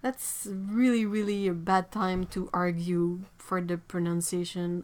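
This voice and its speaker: A woman's voice: fairly low pitch, flat delivery, unhurried. A woman hosting an art livestream from home. She chats casually, reads viewer comments aloud, rambles and laughs often. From Quebec, Canada. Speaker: artist livestream host.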